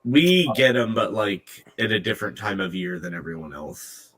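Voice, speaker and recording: A man hosting a podcast on a headset mic, joking and teasing his co-host with quick asides. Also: lowish voice, lively intonation, a bit bright, low-quality recording. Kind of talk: casual podcast chat.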